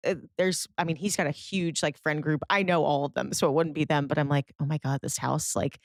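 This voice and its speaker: A young woman co-hosting a podcast in relaxed conversation. She talks in a chatty, filler-heavy way. Her voice sits a little low for a woman, and the close mic leaves it dry. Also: brisk, no echo. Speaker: podcast co-host. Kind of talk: casual chat.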